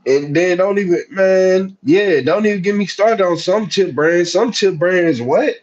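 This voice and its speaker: A man's voice: high-pitched, measured pace, lo-fi sound. A man with a Southern US accent who grew up in the United States, talking casually and chattily to his chat as a livestream host. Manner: chatty, laid-back, talks straight to chat.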